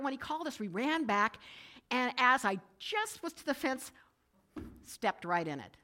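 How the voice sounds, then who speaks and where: A middle-aged woman giving a talk to a group, moving from calm advice into lively personal storytelling. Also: high-pitched, normal speed. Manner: lively storytelling, rising with excitement in anecdotes.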